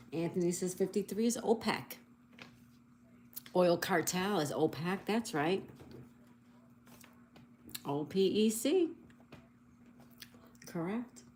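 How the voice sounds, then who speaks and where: A woman's voice: lowish voice, dark tone. A woman hosting a casual livestream, reading viewers' comments aloud and greeting them cheerfully while working through a crossword. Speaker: livestream host. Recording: echoey room, faint background noise.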